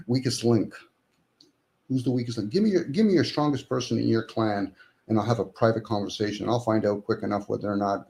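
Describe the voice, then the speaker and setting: A man with a fairly low voice talks casually as a guest. He pushes his points with rhetorical questions and slips into quick impressions of the people he argues with. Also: dark tone. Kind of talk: casual conversation.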